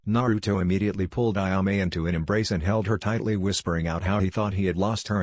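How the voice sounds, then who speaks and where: Deep-voiced man reading a story. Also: dry recording, clean studio sound. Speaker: narrator. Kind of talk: reading fan fiction aloud.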